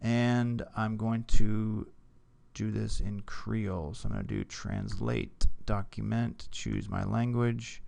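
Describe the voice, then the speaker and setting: Guy doing a laid back computer tutorial, gravelly low voice, dry close mic, keeps saying okay. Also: lively intonation, takes it slowly, mellow, dry recording. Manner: casual, talks through each click with frequent "okay?". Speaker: teacher. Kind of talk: screen-recorded software tutorial.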